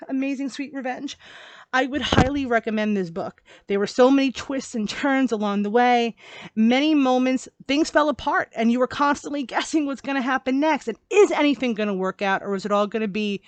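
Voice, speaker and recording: A woman chatting about her favorite books in a casual review vlog, gushing with excitement, laughing often and swearing casually. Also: fairly high pitch, no echo. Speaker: book reviewer.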